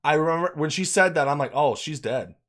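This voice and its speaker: A man giving an unscripted, casual movie review, talking in an excitable, emphatic way, swearing freely and repeating himself for emphasis. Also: fairly high pitch, a little fast.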